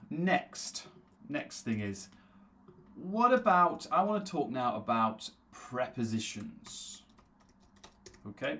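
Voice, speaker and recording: A man teaching a live interactive English lesson. He repeats words slowly to drill their pronunciation and answers viewers' chat comments by name. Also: fairly high pitch, fairly bright tone. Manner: reads viewer names aloud from the chat and answers them.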